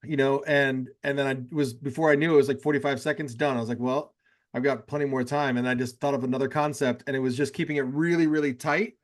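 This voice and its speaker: A man's voice: medium pitch, steady tone, quick pace, hardly any pauses. A man sharing his experience in an online workshop, casual and rambling, with lots of "like" fillers, over a video call. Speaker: workshop participant. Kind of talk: casual chat.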